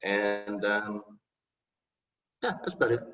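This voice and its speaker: A man's voice: lowish voice, lively intonation, slow. A middle-aged man, a city council candidate answering interview questions in a rambling, folksy and polite way. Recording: distant, muffled recording.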